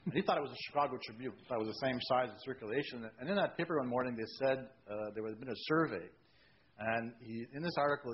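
A man's voice: medium pitch, quick pace, highs cut off, a little hiss or hum. A man, a railway executive, telling jokey anecdotes on a discussion panel.

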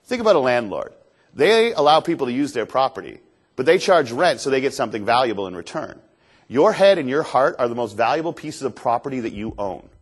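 Guy from canada doing a keynote on stage, lively self-mocking storyteller, mid pitch. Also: brisk, slightly rough. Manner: animated, self-deprecating storyteller. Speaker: motivational speaker. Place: stage before an audience.

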